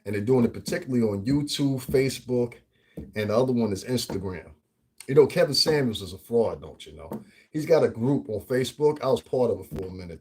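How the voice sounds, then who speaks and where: Husky, heated man ranting profanely. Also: medium pitch, darkish tone. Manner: profane, heated, mocking, repeats himself. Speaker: vlogger. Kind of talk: ranting commentary vlog.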